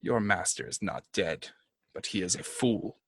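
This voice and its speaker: A man playing a slow, menacing dark lord. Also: low voice, animated, slightly rough, no room sound, full character voice. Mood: solemn, commanding. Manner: slow, solemn, commanding. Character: menacing dark god-lord whispering to a cultist.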